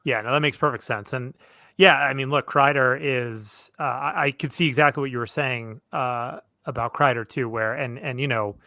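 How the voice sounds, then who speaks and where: A man's voice: medium pitch, normal speed, gravelly, bright, forceful tone, dry recording. A man hosting a sports podcast, chatting loosely with plenty of "look" and "you know" fillers. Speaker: podcast host. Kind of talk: casual sports podcast chat.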